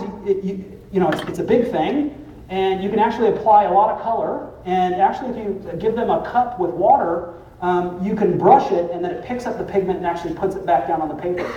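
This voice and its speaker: A man's voice: high-pitched, mellow, dull audio. Man presenting casually at a conference, profane, filler-heavy; roomy hall sound, distant mic, faint noise. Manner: loose and profane, many filler pauses.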